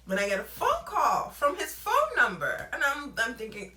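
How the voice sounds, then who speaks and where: A young woman telling a storytime vlog, animated and acting out both sides of phone calls in a casual way. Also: fairly high pitch, normal speed, few pauses, roomy sound, poor audio.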